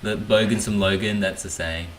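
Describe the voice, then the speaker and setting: An Australian man hosting a casual podcast chat, laid-back and trailing off quietly at times. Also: lowish voice, steady tone, moderate pace, slight background noise.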